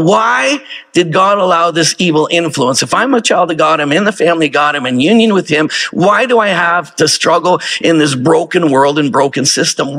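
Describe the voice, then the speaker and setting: A man preaches with a husky, slightly high voice. He talks to his congregation in a loose, conversational way, throwing out rhetorical questions as he goes. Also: lively intonation, moderate pace, a bit bright. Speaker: pastor. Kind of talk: sermon.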